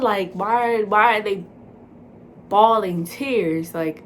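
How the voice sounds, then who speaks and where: A young woman vlogger telling a casual storytime, animated and dramatic, full of fillers. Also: mid-range voice, slow, pauses often, slight background noise.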